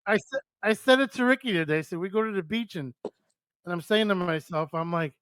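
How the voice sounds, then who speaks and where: High-voiced, smooth older male host. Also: fairly quick, a bit bright, no room sound. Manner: loose, profane, joking. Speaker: radio show host. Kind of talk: casual live-stream chat.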